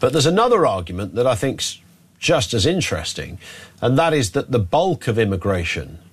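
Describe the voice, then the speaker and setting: A man hosting a talk radio phone-in, chatty and quick with jokey asides. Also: medium pitch, sing-song, husky. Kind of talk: casual talk radio chat.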